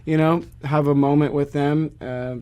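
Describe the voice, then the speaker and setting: A Catholic church musician chatting casually on a podcast, easygoing with frequent fillers. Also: male voice, fairly high pitch, flat delivery, normal speed, warm tone, clean tone.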